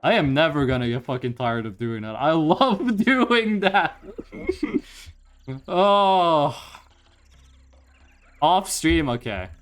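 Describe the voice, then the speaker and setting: Hyped high-voiced male streamer. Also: very animated, takes it slowly, pauses often, fairly bright tone. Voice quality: voice pitched higher on stream. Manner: hyped, swearing, reads chat aloud. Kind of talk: casual live-stream chat.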